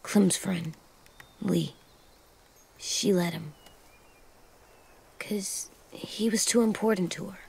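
A woman's voice: fairly low pitch, slow pace, gravelly, pauses often, a little mellow, slightly rough, exaggerated voice. A woman voicing a curious, blunt young boy who asks lots of questions. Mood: solemn.

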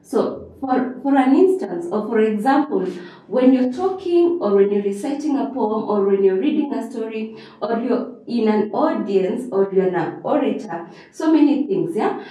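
A woman teaches a revision lesson, going over each point several times and checking in with a rising "okay?". Her tone is mellow and relaxed. She sounds distant, in a very echoey room. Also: a little high, normal speed. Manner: repeats key phrases, frequent rising "okay?" checks. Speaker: English teacher.

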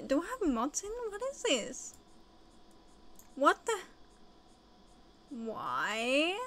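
A woman casually narrating her own life-sim game, gushing and excitable with frequent gasps and squeals. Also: sits high, very slow, pauses often. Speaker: gaming video host. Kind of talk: casual let's-play commentary.

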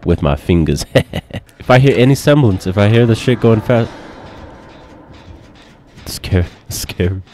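A man giving casual gameplay commentary, excitable, profane and joking, with sudden yelps. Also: fairly low pitch, unhurried, long pauses, a little hiss or hum. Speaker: gaming commentator.

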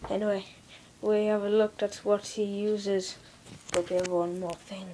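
Slow, silly young girl vlogging at home. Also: mid-range voice, flat delivery, background noise. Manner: silly, giggly storytelling with mock-serious asides. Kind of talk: playful home video tour. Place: home bedroom.

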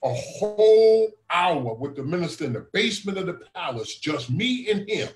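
A man's voice: high-pitched, big pitch swings, normal speed, roomy sound, low-quality recording. A man who serves as a regional minister, earnestly telling a personal testimony in a conversational way and often calling his listener brother. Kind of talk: testimony storytelling.

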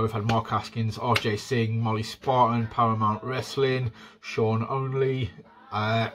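A man hosting a casual wrestling podcast, talking in a relaxed, upbeat way with lots of fillers. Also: lowish voice, low-quality recording. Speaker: podcast host.

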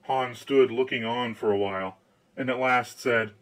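A man narrating a fairy tale audiobook in an expressive storytelling manner. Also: medium pitch, moderate pace, rough recording.

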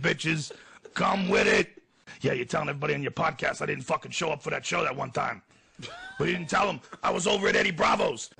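A man's voice: fairly high pitch, creaky, fairly bright tone, breathy edge, no echo, pitched above the performer's own voice, full character voice. A man doing a brash foul-mouthed comic. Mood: scolding. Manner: swearing, bellowing, taunting insults. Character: brash foul-mouthed middle-aged male comic, loud and cocky.

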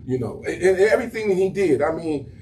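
A man's voice: fairly high pitch, expressive, a little fast, a little mellow, distant mic, slight background noise. A man pastor preaching in a conversational way to his congregation in a small church room, repeating words as he builds his point. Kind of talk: sermon.

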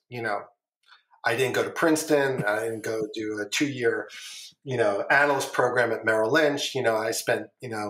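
A man's voice: mid-range voice, a bit bright. Rambling middle-aged man in an echoey room. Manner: rambling, repeats phrases, casual swearing. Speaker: podcast guest, former trader. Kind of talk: casual storytelling interview.

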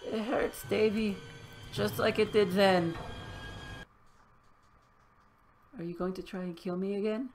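A man's voice: sits high, steady tone, moderate pace, faint music behind, pitched above the performer's own voice. A man voicing a bitter, confused sick mother as he reads game dialogue aloud, plaintive and accusing. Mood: pained.

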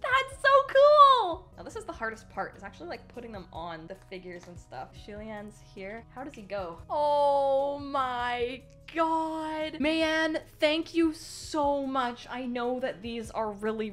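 A young woman hosting a casual unboxing vlog, gushing and excitable, often squealing with delight. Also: fairly high pitch. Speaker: YouTuber. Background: faint lo-fi music.

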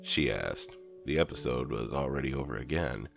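A man narrating a first-person horror story in a measured storytelling manner. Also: very deep voice, creaky. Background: soft background music.

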